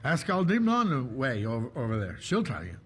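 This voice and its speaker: A man voicing a boisterous drunken tavern patron in a fantasy video game, talking with a loud, slurring swagger. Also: medium pitch, huge pitch swings, moderate pace, slight background noise. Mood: boastful.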